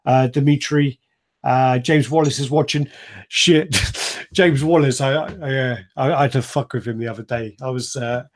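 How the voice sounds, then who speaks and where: A man's voice: mid-range voice, fairly even intonation, normal speed. Swearing man hosting a live stream. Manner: rambling, swears freely, laughs often. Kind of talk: casual live stream chat.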